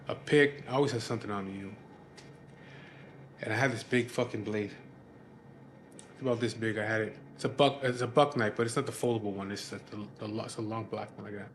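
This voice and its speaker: A man's voice: lowish voice, a bit bright, a little hiss or hum. A man casually telling a personal story in a rambling, profane way, with lots of fillers.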